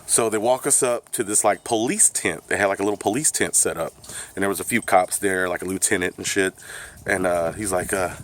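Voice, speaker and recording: A man's voice: deep voice, a little fast, a bit bright, a little hiss or hum. A man telling a story on his vlog, laid-back and profane, often laughing as he talks. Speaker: vlogger. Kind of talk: casual storytime.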